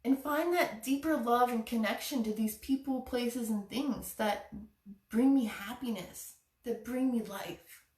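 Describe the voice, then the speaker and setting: A woman with a fairly high voice, recorded from a distance in a room with echo, leads a live-streamed chakra challenge. She motivates her viewers earnestly and encouragingly.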